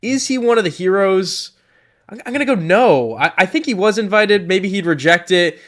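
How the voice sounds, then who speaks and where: A man's voice: high-pitched, expressive, normal speed, fairly bright tone. A young man giving casual, joking tier-list commentary, rambling and cutting himself off as he goes. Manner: rambling, jokey, self-interrupting.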